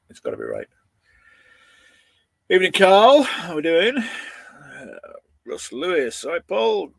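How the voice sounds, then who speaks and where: A man's voice: mid-range voice, creaky, dry recording. A middle-aged man hosts a casual livestream from his van, greeting viewers by name and laughing between lines. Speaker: livestream host reading viewer comments. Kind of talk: casual live chat.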